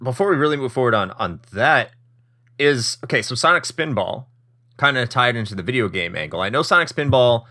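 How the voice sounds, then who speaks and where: A man's voice: medium pitch, lively intonation, a little fast, bright, forceful tone. A man hosting a podcast, jumping in with questions and jokes. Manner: joking, interjecting questions. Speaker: podcast host. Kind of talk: casual podcast chat.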